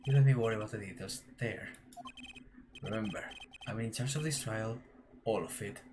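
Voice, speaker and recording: A streamer voicing a calm, grave male defense lawyer who chairs a committee, talking low and measured in a game reading. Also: noisy background, lightly acted. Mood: calm, commanding. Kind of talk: let's play character reading.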